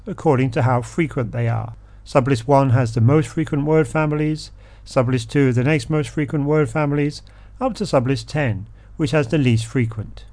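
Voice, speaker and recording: A man hosting an educational podcast, reading a scripted explanation and a word list in a measured, steady way. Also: mid-range voice, no room sound. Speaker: podcast host.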